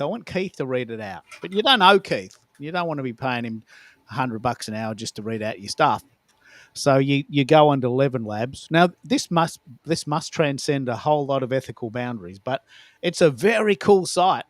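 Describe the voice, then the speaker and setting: Australian man, host, lively pitch, joking, dry close sound. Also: moderate pace, dry recording. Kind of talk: casual chat.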